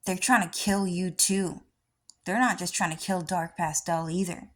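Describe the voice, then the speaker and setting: A woman's voice: fairly low pitch, fairly even intonation, measured pace, fairly bright tone. A woman vlogger talking in a rambling, casual monologue, often swearing.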